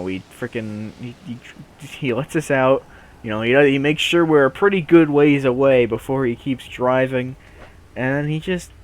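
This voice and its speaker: A young man casually telling a funny story on a podcast, in an animated way with lots of laughing and fillers. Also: mid-range voice, slight background noise. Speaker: podcast co-host.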